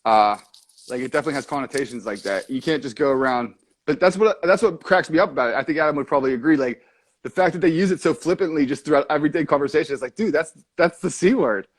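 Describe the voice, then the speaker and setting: A man's voice: a little high, fast talker. Laid-back man swearing casually. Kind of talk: casual chat.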